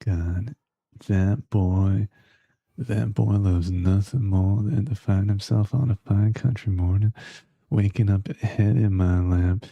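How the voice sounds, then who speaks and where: A man voicing a sweet, motherly country woman in a put-on American Southern accent, soft and cooing. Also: lowish voice, gravelly, husky, no room sound, heavily acted. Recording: dull lo-fi stream audio.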